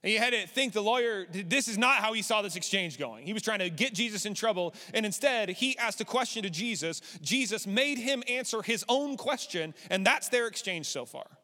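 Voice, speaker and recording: Pastor, male, 30s, high voice, candid conversational sermon, reverberant hall. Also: expressive, moderate pace, few pauses, sharp tone. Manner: conversational, candid preaching with rising emphasis.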